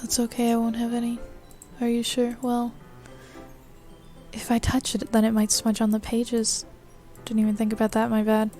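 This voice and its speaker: A woman reading the lines of a shy, bookish young woman from a game, soft and hushed. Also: on the high side, completely flat delivery, normal speed, soft background music, close to an everyday voice. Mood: timid.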